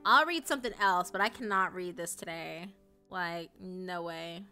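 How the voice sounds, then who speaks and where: A young woman streaming live, chatting casually and emotionally, swearing often and swinging between loud outrage and low dejected mumbling. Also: normal speed, clean tone, faint music behind. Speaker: streamer reacting to a story.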